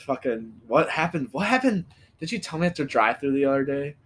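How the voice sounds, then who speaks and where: A man's voice: on the high side, sing-song, a little fast, a bit bright. A young man co-hosting a podcast in casual chat, bantering loosely with some swearing and laughing easily. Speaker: podcast co-host.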